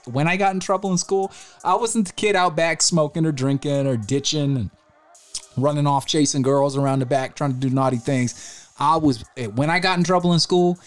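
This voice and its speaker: A man co-hosting a podcast in casual chat, a rambling storyteller who likes to talk. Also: medium pitch. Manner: rambling storyteller, animated impressions. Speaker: podcast co-host.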